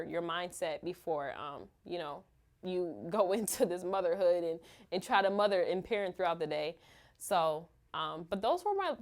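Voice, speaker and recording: A woman, a mother, candidly telling her own story in a halting, open way full of fillers. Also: on the low side. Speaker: mother sharing her experience.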